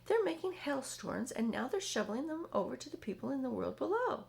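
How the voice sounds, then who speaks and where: A woman reading aloud, voicing a brave, earnest young boy who mostly speaks in urgent hushed tones. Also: high-pitched, sing-song, a little fast, vocal fry, pitched above the performer's own voice, heavily acted. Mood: hushed eager. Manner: urgent, earnest, often soft-spoken.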